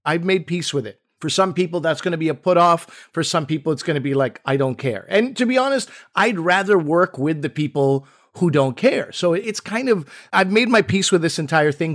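A man with a slightly raised pitch chats as a podcast co-host. He tells his stories in an animated way and slips into other people's voices to act out what they said. The tone stays relaxed and conversational. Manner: animated storyteller who acts out other people's lines. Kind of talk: casual podcast chat.

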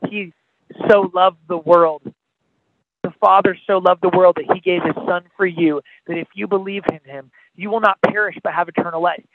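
A man's voice: sits high, fairly even intonation, moderate pace, slight background noise. A man, an evangelist, preaching with impassioned, pleading, repetitive calls on a podcast. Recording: tinny phone-line sound, dry.

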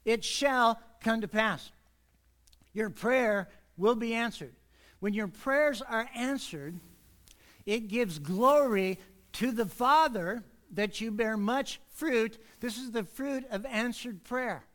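Man, pastor, high voice, earnest preaching, church sermon. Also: slow. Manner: earnest, speeds up when excited.

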